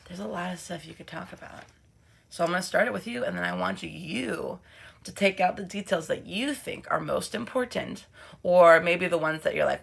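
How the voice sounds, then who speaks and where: A woman's voice: on the low side, normal speed, creaky, fairly bright tone, slightly rough. A woman teacher talking her students through a reading question in a casual, encouraging way. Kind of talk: classroom lesson recording.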